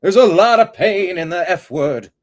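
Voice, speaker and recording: A man's voice: high-pitched, animated, moderate pace, pitched above the performer's own voice. A man voicing a fussy, swooning Southern belle woman with a put-on American Southern accent. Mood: dramatic.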